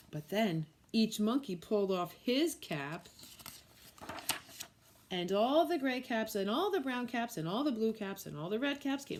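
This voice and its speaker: A woman, a preschool teacher, reading a picture book aloud to young children with expressive storytelling. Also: mid-range voice, slight background noise.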